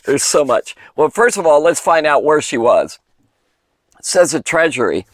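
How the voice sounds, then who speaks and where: A man's voice: mid-range voice, animated, normal speed, no echo, studio quality. A man giving an informal, chatty Bible lesson for children, digressing often and emphasizing points with enthusiasm. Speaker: Bible teacher.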